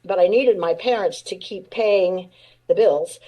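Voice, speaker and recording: In a rough recording, this American radio veteran in her sixties speaks unhurriedly in a mid-range voice with a dark tone. Being interviewed, she shares frank stories from her career and laughs occasionally. When quoting others, she performs their voices.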